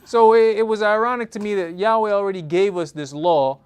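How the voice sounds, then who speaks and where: A man's voice: sits high, a little fast, clear, resonant tone. A man in a religious class, chatting with the teacher and reading Bible verses aloud. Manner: conversational, reads verses aloud. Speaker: congregant reading scripture. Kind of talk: class discussion and scripture reading.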